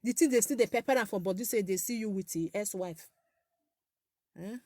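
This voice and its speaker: A woman in her forties with a Nigerian accent hosts a casual live chat for her social media followers. Her light, girlish voice sits mid-range with a dark tone and moves a little fast, recorded clean in a studio with no room sound. She chats and scolds, repeats herself, and laughs often.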